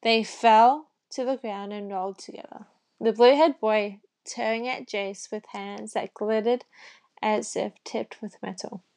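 A woman's voice: mid-range voice, fairly even intonation, unhurried, a little mellow. A woman reading a novel chapter aloud in a casual way, sometimes stumbling and correcting herself. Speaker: reader.

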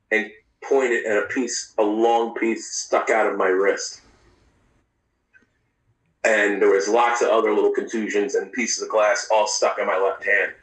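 Man, mid pitch, halting and profane storyteller, heard from a distance in an echoey room. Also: a bit bright. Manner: candid, halting, profane, with frequent restarts. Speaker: interview guest. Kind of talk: personal storytelling in a podcast interview. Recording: roomy, distant mic.

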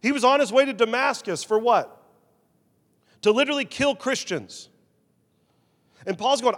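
A man preaching a sermon as pastor, animated, swinging between loud emphasis and quiet, confessional asides. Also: very high voice, moderate pace, pauses often, in a large hall.

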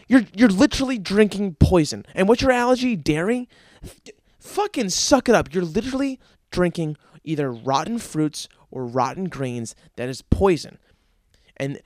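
High-voiced man in a profane comedy rant. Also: darkish tone, dry recording, clean studio sound. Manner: profane, exasperated ranting.

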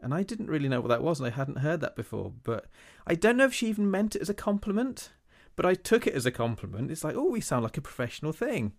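A man's voice: a little high, sing-song, fast talker, gravelly. A man from Britain chatting enthusiastically, acting out little quotes of his own reactions. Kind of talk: casual chat.

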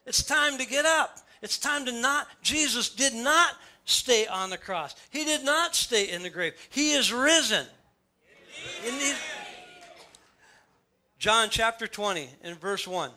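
A man preaching a sermon in a church, reading scripture aloud and explaining it in an animated, storytelling way. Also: very high-pitched, slow pace. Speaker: pastor. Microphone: church sound system.

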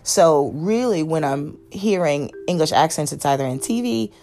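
A woman's voice: deep voice, lively intonation, normal speed, mellow, soft background music. A woman from the United States hosting a podcast, rambling casually through a TV review with many fillers and self-corrections. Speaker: podcast host.

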